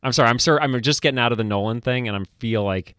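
A male podcast co-host talks about movies in a rambling, joking way. His voice is mid-pitched, recorded close and dry. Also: very fast, fairly bright tone, clear, resonant tone, dry recording. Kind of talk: casual chat about films.

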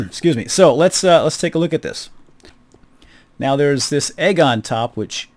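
His voice runs a little high and somewhat mellow, expressive at a moderate pace. A middle-aged host of gaming videos, he talks to his audience during play with a chatty, wry running commentary.

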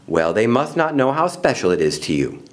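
A man voicing a gentle mother elephant in a storybook, speaking softly with a sigh. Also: medium pitch, big pitch swings, brisk, close to an everyday voice. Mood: soothing. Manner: soft, sighing.

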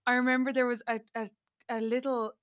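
Bright, clear-voiced Irish woman. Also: a little high, flat delivery, a little fast, muffled recording. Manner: playful, giggly. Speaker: podcast host. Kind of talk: casual interview chat.

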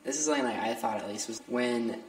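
A young man, a podcast guest, chatting casually in a halting way, restarting and searching for words. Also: mid-range voice. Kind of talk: casual chat. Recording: echoey room, distant from mic.

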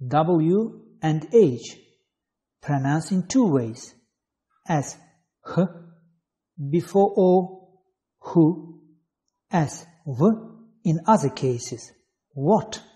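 A man's voice: a little high, expressive, very slow, long pauses, mellow. A man from Azerbaijan, an English teacher reading letters and example words one at a time in an online phonetics lesson.

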